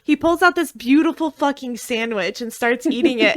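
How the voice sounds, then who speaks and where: A woman co-hosting a podcast in casual chat, telling stories in an animated way and swearing a lot. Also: high-pitched, moderate pace, few pauses. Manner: animated, swearing, laughing storyteller. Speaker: podcast co-host.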